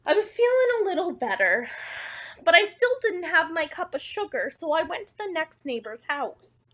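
A woman reading a picture book aloud in the wolf's first-person voice, playful and expressive, with chatty asides to listeners. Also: very high-pitched, moderate pace. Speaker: storybook reader.

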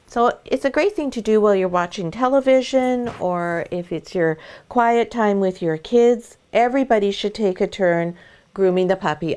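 Woman, middle-aged, dog breeder, gentle grooming demonstration, low voice. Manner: gentle, calm instructional tone; sing-song baby talk to the puppy.

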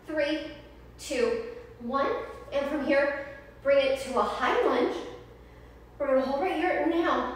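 A woman leading a yoga workout from her living room, upbeat and chatty as she counts and cues poses, a little out of breath. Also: sits high. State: slightly out of breath. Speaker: yoga instructor. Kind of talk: guided home workout livestream. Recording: very echoey room, distant mic, faint hiss.

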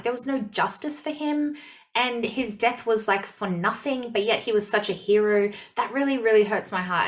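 A woman's voice: fairly high pitch, a bit bright. A woman reviewing a TV show in casual chat, emotional and gushing, often repeating words for emphasis.

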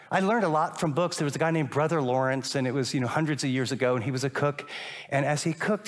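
An older man preaching a sermon as a pastor, animated and acting out little dialogues. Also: fairly high pitch. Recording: long reverb of a large hall.

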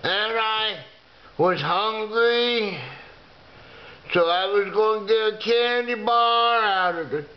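Slow high-voiced male storyteller. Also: creaky. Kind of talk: first-person comic storytelling. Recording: dull lo-fi with faint hiss.

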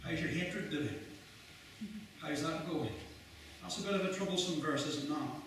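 Earnest male preacher, high-ish voice, recorded from afar in a reverberant hall. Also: a bit bright, slight background noise. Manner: earnest, rising to fervent, with quotes read slowly. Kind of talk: sermon. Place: mission hall. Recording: very echoey hall, mic far off.

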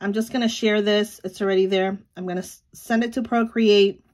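A woman's voice: medium pitch, fairly even intonation, brisk, darkish tone. A woman in her thirties chatting casually at home as she vlogs about running her small sticker shop, with lots of fillers and small laughs. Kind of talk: casual vlog chat.

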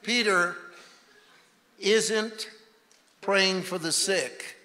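A man preaching a revivalist sermon as a guest preacher in a church, swinging from shouting to hushed intensity. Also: sits high, extremely slow. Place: church sanctuary. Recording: reverberant church hall, faint room noise.

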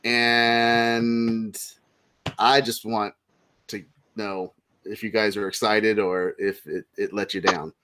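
A man hosting a live podcast, easygoing, reading out viewer comments with drawn-out fillers. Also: on the low side, level tone, pushed and bright, clear, resonant tone. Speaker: podcast host reading chat. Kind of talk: casual nerd-news chat.

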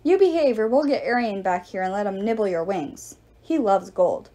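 A woman's voice: medium pitch, lively intonation, moderate pace, mellow, close to an everyday voice. A woman reading aloud and voicing a laid-back, casual teenage boy.

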